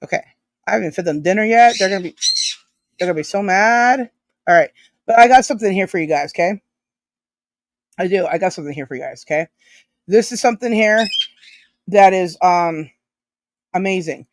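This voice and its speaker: A woman's voice: medium pitch, fairly quick, long pauses. A woman live streamer chatting casually and reading out chat messages, rambling, swearing freely and breaking into giggles often.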